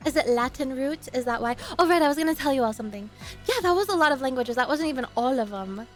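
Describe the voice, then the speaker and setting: A woman's voice: high-pitched, expressive, quick pace, soft background music. A young woman streamer chatting casually with her viewers, giggling often and drifting off her story to greet people in chat.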